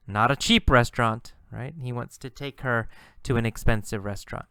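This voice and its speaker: A man's voice: medium pitch, normal speed, few pauses, bright, forceful tone, clear, resonant tone, dry recording, clean studio sound. A man teaching English, patiently explaining words and repeating simple example sentences. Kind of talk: slow, repetitive lesson narration.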